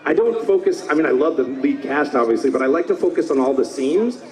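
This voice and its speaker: A man in his fifties, a voice actor talking at a convention panel, enthusiastic and slipping into quick character voices. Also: on the high side, animated, a little mellow, recorded from a distance. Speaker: voice actor guest. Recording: roomy hall, mic from afar.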